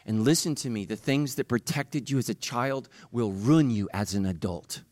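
A middle-aged pastor preaches a passionate sermon at medium pitch, swinging from loud bursts to hushed, slow emphasis. The recording is dry.

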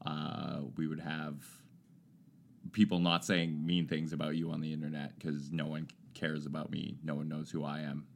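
A man's voice: rumbling low, level tone, normal speed, gravelly. A man co-hosting a casual podcast, joking and rambling with his friend. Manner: joking, drifts into hammy put-on voices with laughs. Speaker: podcast co-host.

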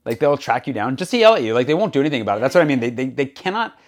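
A man talks at a quick clip as he hosts a relaxed podcast conversation. He tells his stories with energy and slips into the voices of the people he describes. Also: mid-range voice. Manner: animated storyteller, acts out quoted people. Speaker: podcast host. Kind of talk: casual chat. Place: Paris.

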